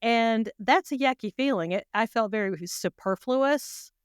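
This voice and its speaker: A woman hosting an interview, enthusiastic and halting, restarting her sentences as she reacts to her guest. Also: on the high side, clear, resonant tone, no echo, studio quality. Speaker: podcast host. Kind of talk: conversational interview.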